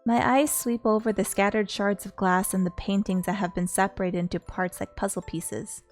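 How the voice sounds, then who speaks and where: A woman's voice: medium pitch, flat delivery, moderate pace, soft background music. A woman streamer reading a story game aloud in an earnest way, stopping now and then to talk with her viewers.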